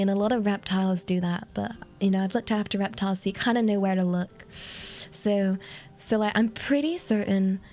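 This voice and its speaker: A woman's voice: medium pitch, a little mellow. A British woman streamer chatting casually, rambling and giggling, with lots of fillers. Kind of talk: casual chat.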